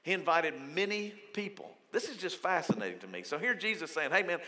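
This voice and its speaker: Guy preaching a sermon, high bright voice that jumps all over, lots of chatty acted-out lines, big echoey church hall. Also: a little fast. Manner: lively, conversational preaching with frequent acted quotes. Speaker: pastor. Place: church auditorium. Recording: long hall reverb.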